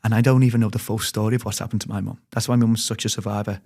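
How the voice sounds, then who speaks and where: Interview guest: man, lowish voice, rapid and earnest, candid personal storytelling. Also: flat delivery, darkish tone.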